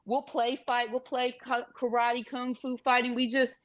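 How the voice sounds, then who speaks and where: Middle-aged woman, podcast guest, animated storyteller, laughs easily, acts out voices. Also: a little high, moderate pace, over a noisy crowd. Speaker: podcast guest, parent of a deaf son. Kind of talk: casual storytelling.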